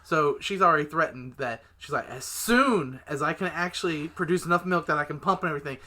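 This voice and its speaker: A married man chatting casually on a podcast, speaking in a relaxed, plain manner. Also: fairly high pitch, brisk. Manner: relaxed, conversational, explains things plainly. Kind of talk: casual chat.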